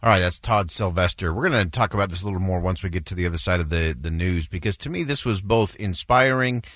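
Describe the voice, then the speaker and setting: A male radio host giving measured, reflective commentary on a talk show. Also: sits low, a bit bright, no room sound, studio quality.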